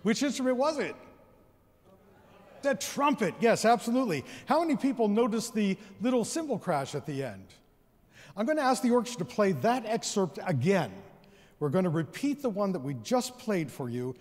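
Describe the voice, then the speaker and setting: A high-pitched man with big pitch swings and a darkish tone presents an educational concert at normal speed. He leads the audience in counting and singing rhythms with the orchestra, and the large theater hall gives a long reverb.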